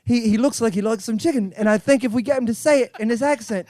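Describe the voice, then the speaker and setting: Rambling, pleading ad man, played by a man in a comedy bit; high voice, dry sound. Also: fast, a little mellow, no room sound. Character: flustered English chicken-company man pleading for budget.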